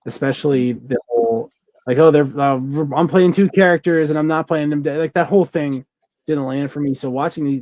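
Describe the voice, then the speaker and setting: In a casual review chat, a podcast co-host rambles enthusiastically, stumbling into fillers and restarts. His mid-range voice has a dark tone, and no room sound comes through.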